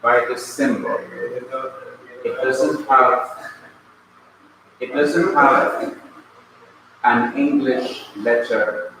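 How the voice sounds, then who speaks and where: A man's voice: mid-range voice, pushed and bright, slight background noise. Man, teacher, patient and repetitive, very echoey room, distant mic. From Jamaica. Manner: slow, patient, repeats key points. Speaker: Bible language teacher. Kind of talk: classroom lecture. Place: classroom.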